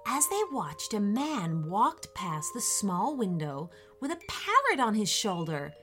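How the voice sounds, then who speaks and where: Woman storyteller, bright lively tone, unhurried, soft music under. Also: medium pitch. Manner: expressive, animated reading. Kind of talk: children's story narration.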